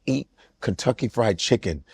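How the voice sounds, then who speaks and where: A man's voice: fairly low pitch, moderate pace, creaky. A man of Nigerian heritage, a comedian, chatting casually and slipping into impressions of other voices. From Nigerian heritage, grew up in US city. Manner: animated storyteller, mimics voices. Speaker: comedian guest.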